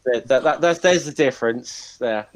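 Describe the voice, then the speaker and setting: A man's voice: medium pitch, normal speed, poor audio. A man from southern England chatting casually and teasing, often restarting and repeating words. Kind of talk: casual banter on a call.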